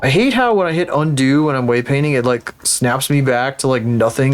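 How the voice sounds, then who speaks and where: A man's voice: mid-range voice, a little fast, few pauses, smooth, soft background music. A man streaming live, chatting casually and rambling with lots of swearing and self-mocking jokes while he works.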